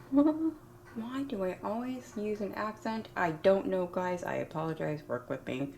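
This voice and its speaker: A woman's voice: medium pitch, a little slow, vocal fry, darkish tone, slight background noise. A woman chatting casually to camera as a home baking vlogger, rambling and giggling often, folksy and self-deprecating with the odd mild curse, in a home kitchen.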